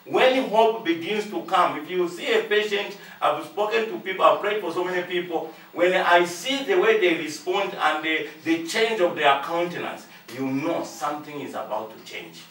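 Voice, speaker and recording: A man's voice: high-pitched, moderate pace, hardly any pauses, fairly bright tone. A man preaching a sermon as pastor, pressing his points with repetition and acting out short exchanges in different voices. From Zambia. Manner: preaching with emphatic repetition and acted-out dialogue. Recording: echoey room, voice from far off.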